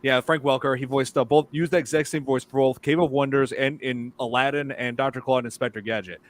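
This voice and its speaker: A man's voice: medium pitch, steady tone, brisk. Rambling male podcast host. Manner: rambling, enthusiastic film fan. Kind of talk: casual chat.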